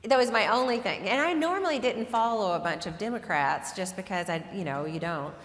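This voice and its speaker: A woman telling a personal story in a relaxed, self-deprecating lecture style, laughing often. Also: mid-range voice, a little fast, a little hiss or hum. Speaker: guest lecturer and author. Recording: echoey hall reverb.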